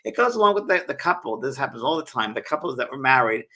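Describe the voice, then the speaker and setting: A man who hosts a spiritual talk show as a medium, telling stories in an animated way with frequent chuckles and halting restarts. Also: mid-range voice. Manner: animated storyteller, chuckling often; halting restarts and repeated words.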